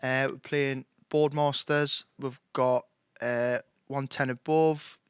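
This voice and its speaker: A man's voice: mid-range voice, flat delivery, slow, smooth, no room sound, studio quality. A young man, a musician guest, chatting casually in a live interview, telling jokey stories with the odd swear word.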